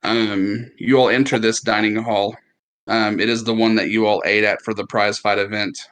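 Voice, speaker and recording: A man narrating as game master in a tabletop game, describing scenes haltingly and with many fillers. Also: fairly low pitch, fairly even intonation, a bit bright.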